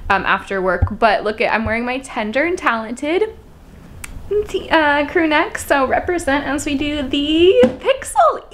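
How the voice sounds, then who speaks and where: A young woman vlogging an unboxing, gushing and breathless with excitement after a workout. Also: sits high, unhurried, slight background noise. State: post-workout, catching breath.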